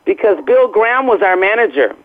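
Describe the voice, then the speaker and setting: A woman's voice: mid-range voice, lively intonation, a little fast. A woman guest talking casually by phone, chatty and laughing often, from outdoors. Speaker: guest singer. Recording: tinny phone line.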